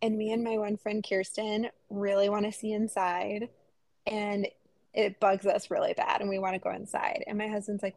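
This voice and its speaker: A woman's voice: mid-range voice, little pitch movement, moderate pace, darkish tone. A woman in her thirties co-hosting a podcast, telling stories in casual chat and laughing often. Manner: chatty storyteller, laughs often. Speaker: podcast co-host.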